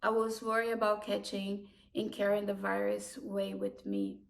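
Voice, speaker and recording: A woman telling a personal story about her own life in a halting, emotional way, with broken restarts. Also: mid-range voice, very animated, vocal fry. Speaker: immigrant community worker. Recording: voice distant from the mic.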